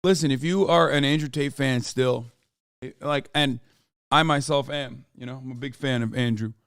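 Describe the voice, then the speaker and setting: A man streaming reaction commentary, sarcastic and profane, now and then bursting into shouts. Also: medium pitch, fairly even intonation, normal speed, smooth, dry recording, studio quality.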